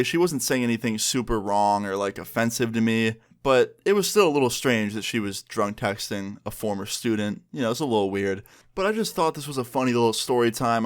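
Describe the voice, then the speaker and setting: A young man tells a casual storytime on his vlog in a chatty, animated way. His voice is smooth and clear, pitched in the middle for a man. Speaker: vlogger.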